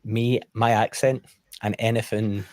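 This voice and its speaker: A man's voice: on the low side, level tone, unhurried, darkish tone, dry recording. A man chatting as a guest in a casual roundtable, candid and self-deprecating in his stories. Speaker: guest co-host.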